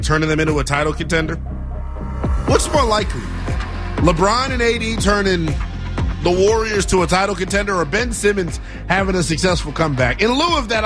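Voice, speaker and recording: A man hosting a sports talk radio show, joking and bantering with callers and his co-host. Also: high voice.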